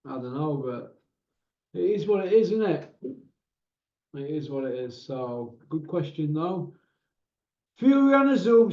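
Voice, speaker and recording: Fairly high-pitched yet a bit mellow, this man hosts informal boxing commentary, venting with exasperation and ending his points with tag questions. The audio is lo-fi, dull and echoey.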